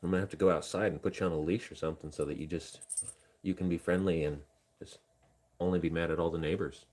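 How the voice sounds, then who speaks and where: Speaking fast in a low, slightly mellow voice with fairly even intonation, this Indiana livestreamer keeps things casual. He rambles, teases himself, and chats with his audience and his dog.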